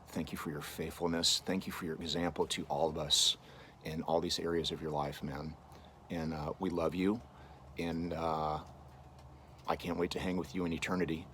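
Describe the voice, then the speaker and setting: A man with a very deep voice records a warm birthday video for a close friend. He speaks earnestly, haltingly, and often restarts his words. A faint hiss runs under the recording. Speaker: friend giving a birthday message. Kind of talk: heartfelt video message.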